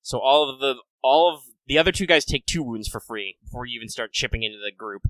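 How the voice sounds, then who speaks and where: A man serving as game master for a tabletop game, patiently walking players through dice and damage rules. His voice is bright and forward, with a mid-range pitch, and the recording sounds dry and close. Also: lively intonation, quick pace, no echo, low-quality recording. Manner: explains rules with frequent ums and restarts.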